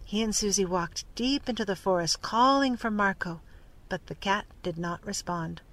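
A narrator reading a storybook aloud in a steady, clear manner. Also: medium pitch, moderate pace.

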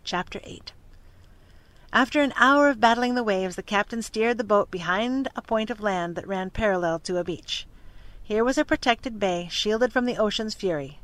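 Plain steady voice reading a kids adventure book out loud. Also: medium pitch, normal speed, dry recording. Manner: steady, even-paced reading. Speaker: narrator. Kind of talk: storybook reading aloud.

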